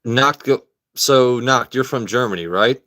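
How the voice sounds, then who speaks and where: A man's voice: mid-range voice, measured pace, a bit bright. An American man hosting a live stream, joking loosely with his chat and repeating himself as he reads comments. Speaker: livestream host reviewing whiskey.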